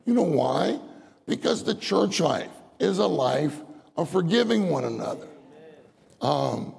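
A man's voice: a little high, big pitch swings, a little slow, vocal fry, darkish tone, slightly rough. A man preaching a sermon, citing verses and repeating phrases, rising into earnest, pleading prayer. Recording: long hall reverb.

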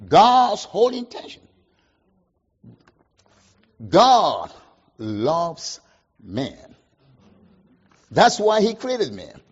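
A man preaching a sermon, asking the congregation questions and answering them, with sharp swings between loud emphasis and quiet asides. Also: high voice, huge pitch swings, drawn-out words, long pauses, husky, lo-fi sound. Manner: call-and-response questions, emphatic swings in loudness.

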